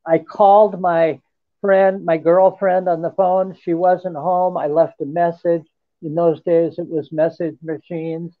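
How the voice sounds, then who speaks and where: High-voiced man telling a story over the phone. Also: fairly even intonation, no echo. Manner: earnest, halting storytelling. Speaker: interview guest. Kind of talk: first-person account in a radio interview. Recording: tinny phone line, dry.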